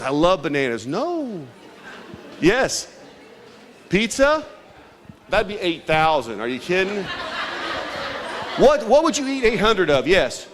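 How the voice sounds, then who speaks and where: Man emcee, high and lively voice, unhurried, joking with a crowd at a community cook-off quiz. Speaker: event emcee. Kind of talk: trivia quiz hosting at a community event. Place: large indoor hall with a crowd.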